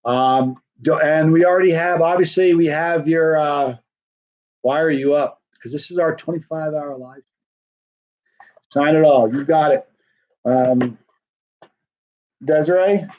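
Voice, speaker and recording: A man's voice: fairly high pitch, darkish tone. A man hosting a casual livestream, rambling through a friendly sales patter. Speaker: livestream host selling signed hot sauce. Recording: dull, muffled lo-fi sound.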